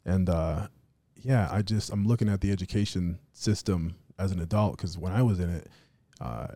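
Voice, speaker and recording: A man's voice: low voice, moderate pace, mellow, dry recording. A man in his thirties chatting casually on a podcast, laid-back and filling his talk with "dude" and "you know what I mean.".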